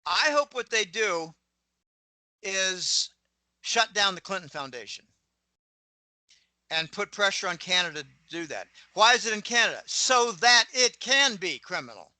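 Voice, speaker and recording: A middle-aged man from Pittsburgh with a plain American accent speaks in a fairly high, very bright, cutting voice. The sound is dry and close, with no room around it. He rambles as an opinionated guest, drifting into asides and clearing his throat often. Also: big pitch swings, measured pace, pauses often, dry recording, poor audio. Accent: General American, lost his Pittsburgh accent. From Pittsburgh, USA. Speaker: guest commentator. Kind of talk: casual interview monologue.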